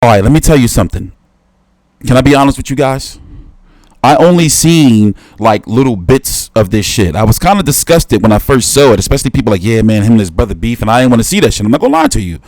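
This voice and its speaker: A man talks boxing on his own stream, cussing and rambling as he reacts to clips. His voice jumps up and down in pitch, and the sound is dry and close with no room around it. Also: very animated, quick pace, darkish tone, dry recording. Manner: profane, rambling, talks back to viewers. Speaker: boxing commentary host. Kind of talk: casual reaction commentary.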